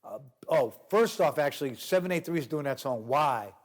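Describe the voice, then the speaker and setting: A middle-aged New Yorker's slightly high voice moves at a normal speed while he shares a wild story as an interview guest. Animated and foul-mouthed, he mimics the voices of others, cops included.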